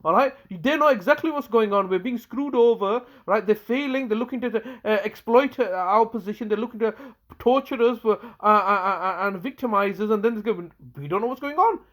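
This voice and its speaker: High-voiced man in an angry rant. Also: fairly bright tone. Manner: angry, repetitive, ranting; halting, with many fillers and restarts. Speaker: complainant recording a personal statement. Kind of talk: impassioned monologue.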